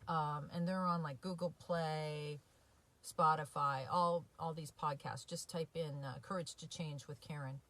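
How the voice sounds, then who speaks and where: A woman who works as a recovery coach and hosts a podcast talks casually and heartfelt to her viewers. Her voice sits low and fairly bright, with fairly even intonation and an unhurried pace, and she uses lots of fillers and keeps tossing in "right?"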